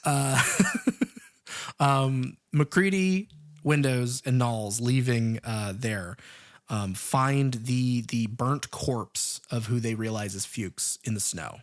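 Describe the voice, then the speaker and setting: A man co-hosting a film podcast, casually recapping scenes, pausing to search for words with fillers. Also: medium pitch. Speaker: podcast co-host.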